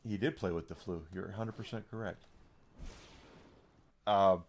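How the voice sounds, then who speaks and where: Chatty low-voiced man streaming a game. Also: steady tone, moderate pace. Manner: rambling, chatty, talks to chat while playing. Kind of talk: casual live-stream chat.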